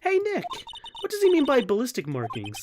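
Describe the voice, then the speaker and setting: A man voicing an excitable young girl, a spirit medium, in a high squeaky put-on voice. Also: fairly quick, background noise, full character voice. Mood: curious.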